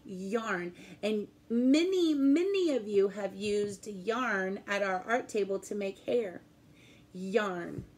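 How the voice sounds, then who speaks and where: A woman's voice: fairly high pitch, a little mellow. A woman preschool teacher giving a remote lesson to young children, talking in a sing-song way and asking them questions.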